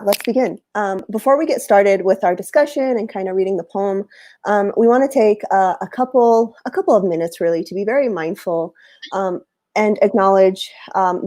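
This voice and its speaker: A woman's voice: mid-range voice, warm tone, no echo. A woman hosting a conversation, speaking earnestly with many fillers and reading a poem with feeling over a video call. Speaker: host.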